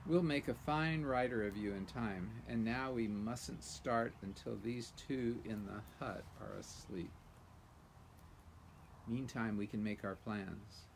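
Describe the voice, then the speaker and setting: Storybook warhorse, male, proud and scornful, gravelly, as a male reader puts him on. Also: lowish voice, slow pace, slight background noise. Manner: lofty, scornful, then gently patient. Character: proud talking male warhorse, haughty but kindly.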